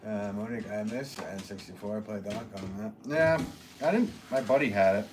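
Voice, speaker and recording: Low-voiced man chatting on a livestream. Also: fairly quick. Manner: relaxed, rambling, chatty. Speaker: potter hosting a livestream. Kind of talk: casual live-stream chat reading comments. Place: pottery studio. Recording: noisy background.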